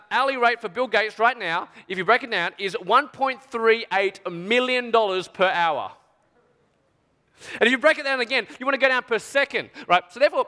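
A man tells stories to an audience in an animated, chatty way, full of asides. His voice sits high and sounds bright. A long hall reverb trails his words. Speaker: speaker addressing an audience. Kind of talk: storytelling talk.

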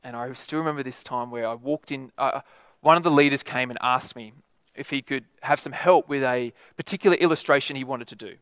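A man's voice: mid-range voice, brisk, a bit bright, clean tone, no echo, clean studio sound. A man preaching a sermon in a conversational way, often adding tag questions.

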